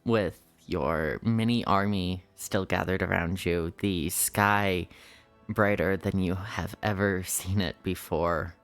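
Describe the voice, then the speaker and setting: A woman's voice: very deep voice, fairly even intonation, slow pace, soft background music. A woman narrating as game master of a tabletop game, laughing often between lines.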